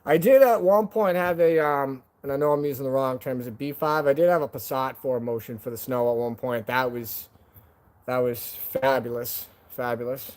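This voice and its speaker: A man's voice: mid-range voice, moderate pace, darkish tone. A man hosting a casual live stream from home. He talks to viewers in a laid-back, slangy way, calling them "man" and "dude".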